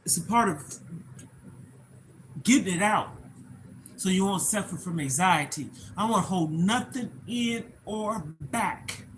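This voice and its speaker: A middle-aged woman speaks straight to her livestream audience, repeating herself as her feelings pour out plainly. Her voice sits at an ordinary middle pitch. A faint hiss of noise runs underneath. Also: rough recording. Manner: emotional, repetitive, plainspoken ranting. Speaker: livestream host. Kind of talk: emotional personal livestream monologue.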